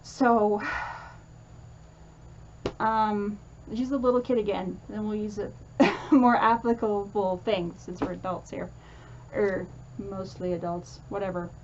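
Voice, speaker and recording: A woman's voice: medium pitch, steady tone, takes it slowly, dull audio, slight background noise. A woman teaching a casual lesson, chatty and full of fillers, acting out comforting quotes as she explains.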